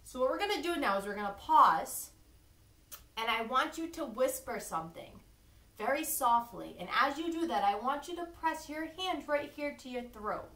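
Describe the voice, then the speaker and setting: A woman teacher reading a lesson to young children, slow and clearly enunciated, encouraging them to repeat after her. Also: high-pitched, expressive, a bit bright, recorded from a distance. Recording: echoey room, a bit off-mic.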